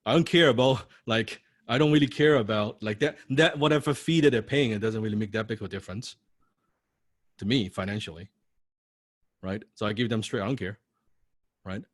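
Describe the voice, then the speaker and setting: Brief: male coach, blunt and salty, drives points home, lowish voice, dry close sound. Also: brisk, pauses often, dry recording. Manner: blunt, profane, keeps asking "right?"; repeats key lines for emphasis. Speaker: copywriting coach. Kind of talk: live online coaching class.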